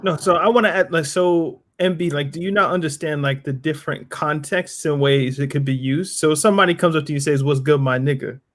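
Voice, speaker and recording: A man on a casual talk show who keeps asking questions to understand the other side and thinks out loud. His voice sits a little high and stays relaxed in a conversational tone. He laughs lightly as he talks. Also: a little fast, few pauses. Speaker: podcast co-host. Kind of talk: casual discussion.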